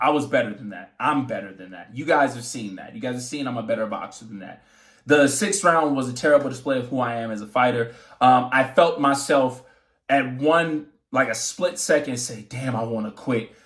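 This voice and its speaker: Animated young boxer telling his story. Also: fairly high pitch. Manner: animated, swearing, acts out quotes. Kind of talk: casual storytelling vlog. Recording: echoey room.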